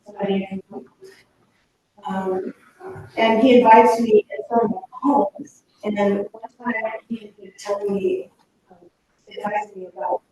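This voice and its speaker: A woman's voice: medium pitch, steady tone, dark tone, distant mic, a little hiss or hum. Woman giving a eulogy in an echoey chapel. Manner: earnest and reminiscing, halting with fillers. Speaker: eulogy speaker at a funeral. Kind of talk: personal funeral eulogy. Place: church chapel. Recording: very echoey chapel, speaker off-mic.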